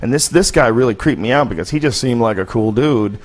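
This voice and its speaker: A man's voice: medium pitch, expressive, fairly quick. A man from the United States telling personal stories on a casual podcast, candid and profane with a rambling delivery. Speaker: podcast host. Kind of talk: casual storytelling.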